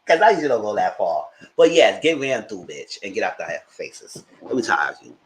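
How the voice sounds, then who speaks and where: Animated man hosting a livestream. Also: lowish voice, moderate pace. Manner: animated, emphatic, talks straight to viewers. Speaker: livestream host. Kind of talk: casual livestream commentary.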